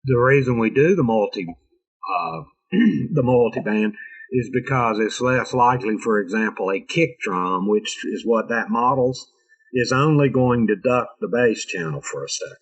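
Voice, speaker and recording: A man's voice: medium pitch, lively intonation, a little slow, slightly rough, poor audio. A man presenting an informal engineering lecture over a video call, chatty and joking with sarcastic asides. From North America. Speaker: presenter of an engineering training session.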